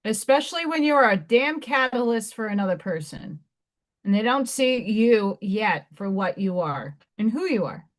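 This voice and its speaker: A woman with a New York accent, somewhat hoarse, hosting a live stream where she chats excitedly and reads oracle-card affirmations aloud. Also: a little high, normal speed. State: hoarse, voice weakened. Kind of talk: casual live-stream chat and card reading.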